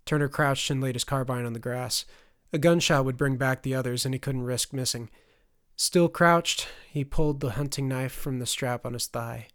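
A man narrating a fantasy audiobook in a measured, dramatic storytelling manner. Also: medium pitch, clear, resonant tone. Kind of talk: scripted narration.

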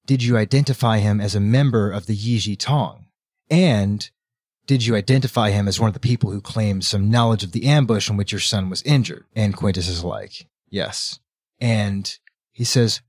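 A man co-hosting a casual book podcast, recapping the plot in an animated way and acting out the characters' lines. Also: on the low side, no echo, clean studio sound. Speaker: podcast co-host.

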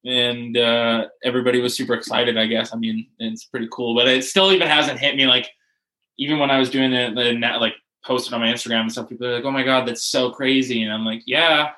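A young man casually telling a story, animated and full of filler words, often acting out what people said. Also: medium pitch, quick pace, poor audio. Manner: animated, swearing, many "like" fillers, acts out quotes. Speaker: rugby player, guest.

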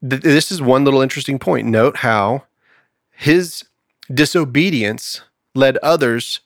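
A man co-hosting a Bible study talk, reading scripture and retelling it as an animated storyteller. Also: mid-range voice, unhurried, no echo, clean studio sound. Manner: animated storyteller, acts out voices in quotes with laughs. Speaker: podcast co-host teaching scripture.

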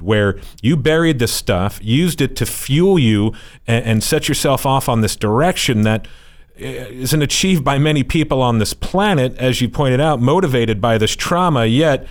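A man hosting a podcast interview, reflecting thoughtfully and affirming his guest with short agreements. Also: medium pitch. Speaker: podcast host. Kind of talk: interview conversation.

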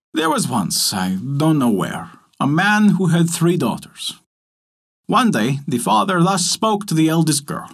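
A man narrating a folk tale as storyteller, in a measured storybook delivery. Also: on the high side, very animated, over music.

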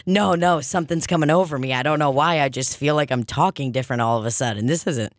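A woman's voice: sits low, fast, dry recording, natural voice. A woman playing a brash, bossy psychic with a put-on Long Island accent in an improvised comedy sketch, dry close recording. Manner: brassy, bossy, rambling.

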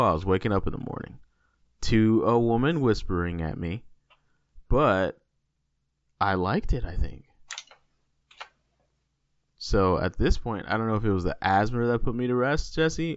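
Low-voiced joking podcast guy. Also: smooth, no room sound, dull audio. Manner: loose, joking and rambling. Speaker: podcast co-host. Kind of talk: casual chat.

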